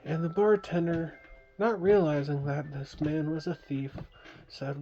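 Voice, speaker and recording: Low-voiced woman telling a bedtime story. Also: steady tone, unhurried, dark tone, faint music behind. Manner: playful, makes sound effects, asks the listener questions. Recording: dull lo-fi recording.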